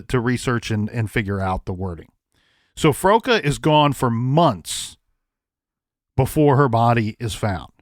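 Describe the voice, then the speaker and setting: A man with a fairly high voice hosts a true crime podcast. He walks through a case timeline in measured, deliberate steps. He is recorded close on a studio mic in a dry room. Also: no echo. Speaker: podcast co-host.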